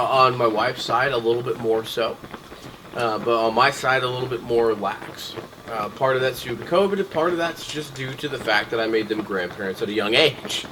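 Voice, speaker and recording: A man's voice: mid-range voice, noisy background. A young adult man hosting a casual chat, rambling with lots of ums and restarts. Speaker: podcast host.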